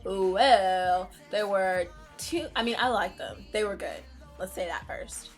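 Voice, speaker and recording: A young woman with an everyday mid-pitched voice answers fan questions in a relaxed, casual chat. She gives her opinions freely and easily. Faint music sits in the background. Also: slow. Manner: chatty, opinionated, laid-back. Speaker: K-pop reaction channel co-host.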